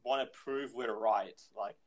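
A man's voice: fairly low pitch, steady tone, a little slow. A man telling a rambling story in casual chat, swearing freely and filling with "you know".

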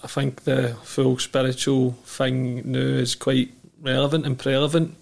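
A man's voice: medium pitch, level tone, measured pace, gravelly, darkish tone. A man hosting a casual interview, asking questions in a supportive, conversational way. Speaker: podcast host.

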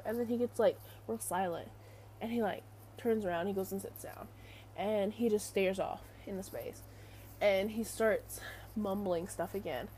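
A woman's voice: medium pitch, moderate pace, dark tone, slight background noise. A young adult woman telling a casual story in a rambling, chatty way full of fillers. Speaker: vlogger.

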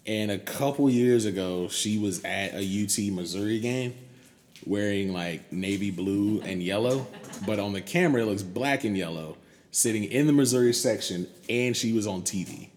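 A man's voice: lowish voice, normal speed, a little mellow. A man co-hosting a podcast in casual chat, playful and joking, sometimes sliding into a sultry croon. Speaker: podcast co-host. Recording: long reverb with faint noise.

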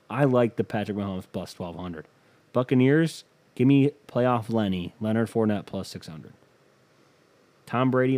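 A man's voice: on the low side, mellow. A man hosting a casual solo podcast, offhand and profane as he reads betting odds aloud. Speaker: podcast host.

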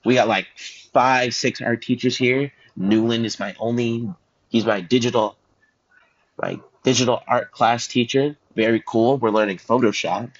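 A man's voice: medium pitch, fairly even intonation, normal speed, dull audio. A teenage boy hosting a student podcast alone, joking and rambling from topic to topic, recorded in a school recording room. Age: teens. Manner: joking, self-deprecating, goes off on tangents. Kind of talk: rambling solo podcast chat.

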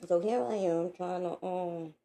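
Profane, gravelly woman telling a story. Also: on the low side, a little slow. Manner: blunt, profane, animated retelling. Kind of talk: casual storytelling vlog.

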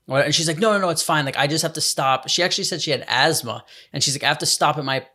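A young man spins a rambling anecdote in casual conversation, cursing freely as he goes. His voice sits a little high for a man. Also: quick pace, sharp tone. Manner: rambling anecdote, swearing, laughs often. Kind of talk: casual storytelling.

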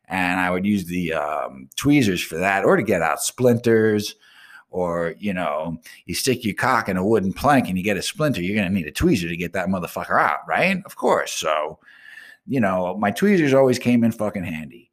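A man's voice: low-pitched, normal speed. A middle-aged man who hosts a radio show, telling a story in a brash, profane, ranting monologue. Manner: brash, swearing, animated rants.

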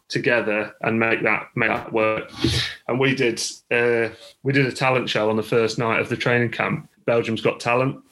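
English male rugby coach guest, chatty storyteller, level and even delivery. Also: lowish voice, rough recording. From England. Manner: chatty, with many restarts and laughs. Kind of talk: casual interview storytelling.

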